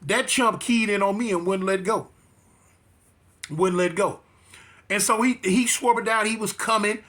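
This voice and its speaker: Bright high-voiced man telling a story. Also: unhurried, long pauses. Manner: streetwise slang, repetitive restarts, emphatic. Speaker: interview guest. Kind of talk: casual storytelling.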